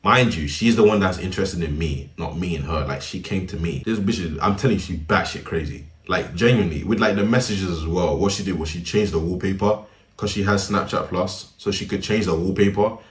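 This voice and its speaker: Young guy, really low voice, slangy storytime, says bro every other line, kinda echoey room. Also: brisk. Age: young adult. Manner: slangy, calls the listener "bro" constantly, incredulous. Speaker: storytime narrator. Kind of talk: casual storytelling commentary.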